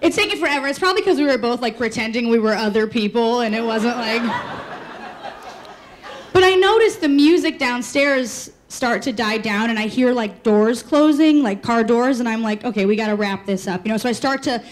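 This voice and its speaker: A woman's voice: fairly high pitch, expressive, moderate pace. A woman telling a candid, rambling personal story on stage, laughing through her punchlines. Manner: candid, rambling, full of "like" and "you know". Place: storytelling stage before a live audience. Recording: live stage mic with audience noise. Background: audience laughter.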